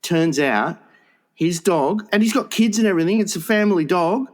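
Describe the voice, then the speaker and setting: A man's voice: high voice, lively intonation, moderate pace. A man co-hosting a comedy podcast, telling a rambling, sweary story and laughing as he goes. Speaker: podcast co-host. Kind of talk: casual storytelling.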